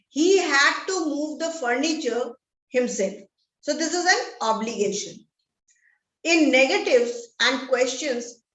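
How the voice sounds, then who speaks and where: A woman with an Indian English accent teaching a grammar lesson, speaking deliberately and reading example sentences aloud with stress. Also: high voice, fairly bright tone. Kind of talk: classroom-style grammar lesson. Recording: echoey room.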